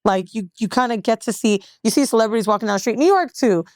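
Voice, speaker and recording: Brief: high-ish woman co-host, dramatic storyteller, crude and fast, dry close sound. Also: no room sound. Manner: profane, dramatic retelling with voiced quotes. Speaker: podcast co-host. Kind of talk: casual chat, animated storytelling.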